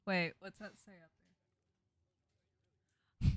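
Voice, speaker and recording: A woman's voice: medium pitch, lively intonation, unhurried, sharp tone, no room sound, studio quality. A woman from Texas streaming a story game, chatting with viewers in jokey asides between reading lines aloud.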